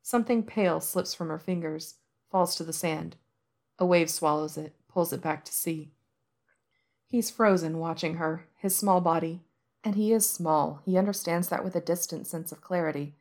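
Woman narrator, low-ish voice, soft and measured audiobook read. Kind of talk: audiobook narration of fan fiction.

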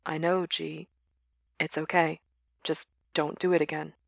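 Rich: A sleepy young man, low and quiet, his words soft and tired, as a woman reading puts him on. The sound is dry and close. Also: level tone, measured pace, gravelly, no room sound, exaggerated voice.

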